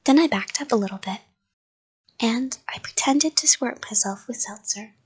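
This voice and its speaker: A woman's voice: fairly high pitch, normal speed, slightly rough. Woman reading a story in a whisper. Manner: soft, unvoiced whisper.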